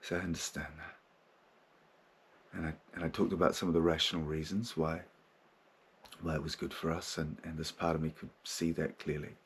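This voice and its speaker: A man's voice: a bass voice, flat delivery, normal speed, pauses often, a little hiss or hum. A man hosting a spiritual podcast, talking frankly and casually, swearing freely. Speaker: podcast host.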